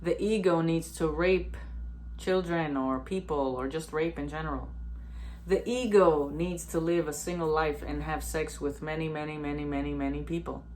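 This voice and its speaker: A woman's voice: sits low, fairly even intonation, normal speed, darkish tone, slight background noise. A woman vlogger giving a blunt, profane, emphatic self-help monologue.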